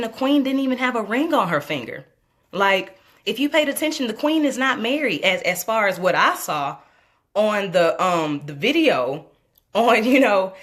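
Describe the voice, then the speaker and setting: Excitable young woman vlogger. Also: lowish voice. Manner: excitable and chatty, full of "like" and "y'all". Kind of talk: casual commentary vlog.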